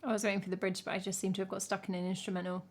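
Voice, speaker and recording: A woman's voice: mid-range voice, flat delivery, racing. A young woman from England, a singer-songwriter, chatting casually and wryly on a live stream as she reacts to a music video. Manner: chatty, wry, jokey asides.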